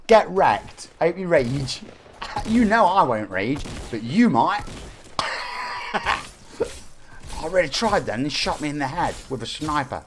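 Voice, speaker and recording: A man's voice: a little high, very animated, normal speed, noisy background. A man in his forties with a Nottingham accent, chatting and bantering while streaming a game live. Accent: Nottingham English. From England. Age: 40s. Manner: chatty, reads chat aloud, jokey banter.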